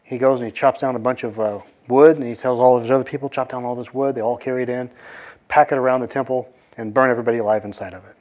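A man retelling an old scripture story in a loose, conversational way, full of fillers and quick voiced quotes of the characters. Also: medium pitch, steady tone, darkish tone. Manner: conversational, many fillers, acts out quoted lines. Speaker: bible teacher. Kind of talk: casual storytelling of a scripture passage.

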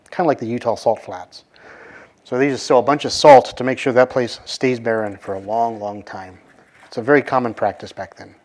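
Casual man retelling a scripture story. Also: medium pitch. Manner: conversational, many fillers, acts out quoted lines. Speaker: bible teacher.

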